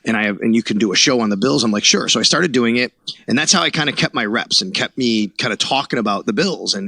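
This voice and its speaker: Quick-talking man from Buffalo with a bright, forceful tone, a reporter guest on a podcast who acts out what others said. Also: fairly low pitch, dry recording. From Buffalo, New York. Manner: animated, acts out quoted dialogue. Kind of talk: casual storytelling interview.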